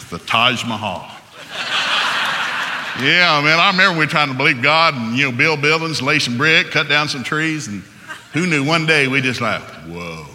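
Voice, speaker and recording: A Southern US man in his sixties delivers a fast, joking sermon with folksy turns of phrase. His tone is very bright and cutting. The big church hall behind him adds a long reverb tail. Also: on the high side, slight background noise. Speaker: pastor. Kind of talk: humorous sermon. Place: large church hall with live audience.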